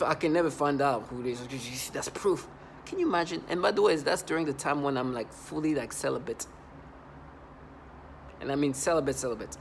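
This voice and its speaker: A man with a slightly high voice vlogs an angry monologue, agitated and repetitive, often stumbling and restarting his sentences. A little hiss or hum is audible.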